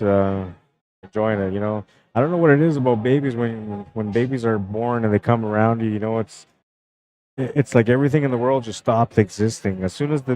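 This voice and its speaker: A relaxed young man talks his way through a pool match on his own live stream. His voice sits fairly low, and his delivery is loose and chatty as he calls the shots and greets viewers one after another. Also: poor audio. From Canada. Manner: laid-back, chatty, greets viewers by name. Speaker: pool tournament streamer and commentator. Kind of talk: casual live-stream commentary.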